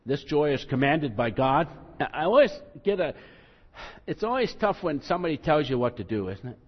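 A man's voice: a little high, very animated, normal speed. A male pastor preaching a sermon in a conversational, self-deprecating way, acting out quotes with rising emphasis. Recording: muffled, long hall reverb.

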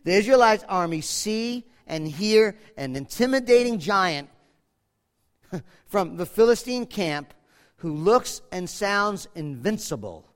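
A man preaching a sermon in a church, animated and dramatic, swinging from loud to hushed. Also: on the high side. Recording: echoey hall reverb.

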